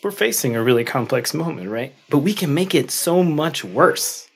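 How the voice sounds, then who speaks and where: A man telling an old story and reflecting on it, speaking gently and repeating words for effect. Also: a little high, expressive, moderate pace, gravelly, husky.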